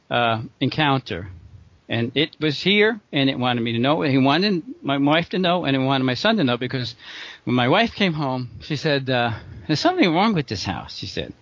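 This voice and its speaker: A man's voice: medium pitch, a bit bright, no echo, dull audio. A middle-aged man rambling through a true story in casual conversation, with lots of restarts and short laughs. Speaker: guest telling a true story.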